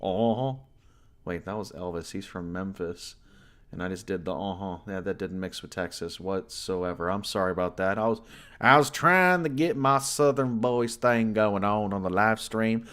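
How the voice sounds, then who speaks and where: A man's voice: low voice, moderate pace, a bit bright, clear, resonant tone. Chatty man hosting a casual livestream. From US West Coast. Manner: chatty, rambling, greets viewers by name. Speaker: livestream host and horror story narrator.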